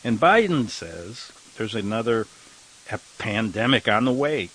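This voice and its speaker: A man's voice: medium pitch, very animated, normal speed, fairly bright tone, slight background noise, poor audio. An older man hosting a talk radio show, rambling and sarcastic, chuckling at his own remarks and fighting a slight cough. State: has a cough.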